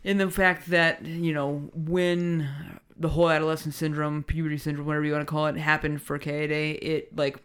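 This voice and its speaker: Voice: mid-range voice, little pitch movement, normal speed, fairly bright tone, clear, resonant tone. A co-host on a casual podcast, wry, chiming in with short jokes. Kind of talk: casual chat.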